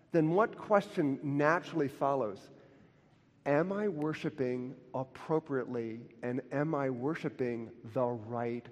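A middle-aged man preaching a sermon with passion, building to emphatic peaks, in a church sanctuary. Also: fairly high pitch. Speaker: pastor. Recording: long hall reverb.

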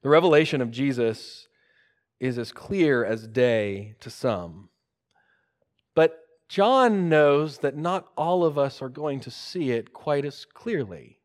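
A man preaching a sermon, moving between loud emphatic lines and quiet, hushed ones. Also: mid-range voice, expressive, slow pace.

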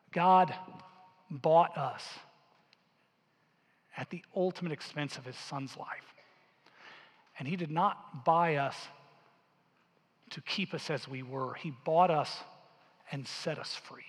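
A male pastor telling a story in a sermon with earnest, quiet intensity, dropping his voice low for quoted lines. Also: takes it slowly, pauses often, husky. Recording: long hall reverb.

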